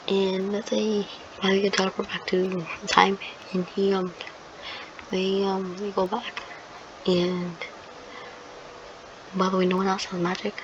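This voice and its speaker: A woman rambles through an improvised fan-fiction story, pausing and hunting for her next words in a flat, level voice. The recording is dull and lo-fi, with steady noise underneath. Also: medium pitch. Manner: rambling, hesitant, searching for words. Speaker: channel host.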